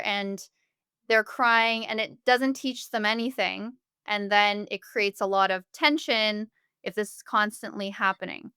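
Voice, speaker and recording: A woman's voice: on the high side, fairly even intonation, unhurried, pushed and bright, clean tone, no room sound, clean studio sound. A woman speaking as a family therapist guest on a podcast interview, explaining earnestly with everyday examples.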